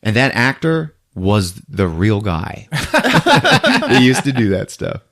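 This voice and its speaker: Animated man recapping a film. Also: mid-range voice, takes it slowly. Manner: animated storyteller, laughing, acts out scenes. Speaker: podcast host. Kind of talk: casual movie recap chat.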